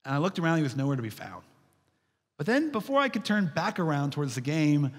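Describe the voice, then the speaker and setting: A man preaching, folksy and storytelling, calling his listeners "y'all." His voice sits a little high and a bit husky. The sanctuary rings with a long reverb. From Texas. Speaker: pastor. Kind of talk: sermon. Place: church sanctuary.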